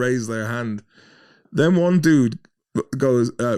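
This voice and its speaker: Irish man, guest, animated yarn-teller, mid pitch. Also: unhurried. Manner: swearing, animated anecdotes. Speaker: podcast guest. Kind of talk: casual storytelling.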